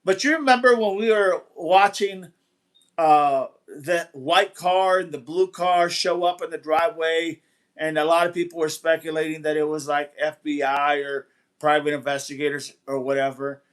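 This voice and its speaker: High-voiced man rambling on a livestream. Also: steady tone, moderate pace. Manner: rambling, repeats himself, retells events. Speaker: livestream host. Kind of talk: casual live-stream talk, reading chat.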